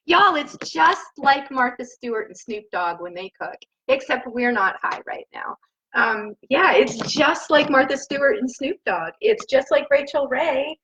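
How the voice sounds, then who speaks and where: A woman's voice: high voice, lively intonation, a little slow, hardly any pauses, fairly bright tone, dull audio, slight background noise. A woman hosting a home cooking live stream from her kitchen, bubbly and gushing, laughing often as she chats to viewers. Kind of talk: casual live-stream chat. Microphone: laptop on the counter.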